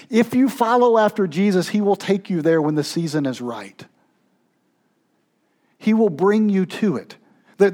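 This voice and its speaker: A pastor in the middle of his sermon, his voice sitting a little higher than most men's. He swings between raised, pleading intensity and quiet, low-voiced stretches that draw the listener in.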